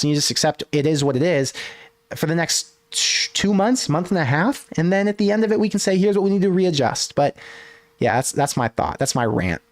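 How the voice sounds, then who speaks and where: Guy ranting on his sports stream at his desk, kinda high voice, swears a bit. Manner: animated, ranting, swearing casually. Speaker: sports podcast host. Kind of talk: solo livestream rant. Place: home desk.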